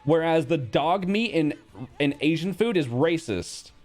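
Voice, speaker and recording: A man's voice: on the high side, expressive, a little mellow, faint music behind. Blunt, profane man streaming. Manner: blunt, profane, quick to react. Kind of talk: casual livestream chat.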